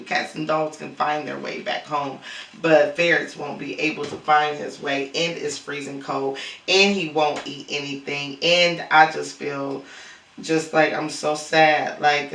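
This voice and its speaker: Grieving man, gravelly high voice in a roomy echo. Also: sharp tone. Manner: halting, stammering, repeats words. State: grieving, cried out. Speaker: lifestyle vlogger. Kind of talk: emotional vlog monologue. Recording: roomy echo, far from mic.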